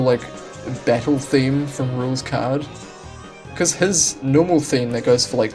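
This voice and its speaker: In a home room, a game streamer with a warm, mid-range voice rambles through a live chat, restarting sentences, laughing frequently, and making self-deprecating remarks.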